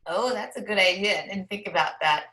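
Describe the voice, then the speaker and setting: A woman teacher in a workshop call, speaking modestly and hesitantly with frequent pauses. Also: medium pitch, sharp tone, reverberant. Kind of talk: casual video call chat.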